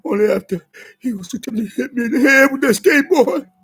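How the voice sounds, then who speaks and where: A man putting on a rambling, tearful, self-pitying young man in a satirical impression monologue on his vlog, stammering through repetitions and drawn-out pleading. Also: very high-pitched, a bit bright, husky, exaggerated voice. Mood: rambling indignant. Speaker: vlogger.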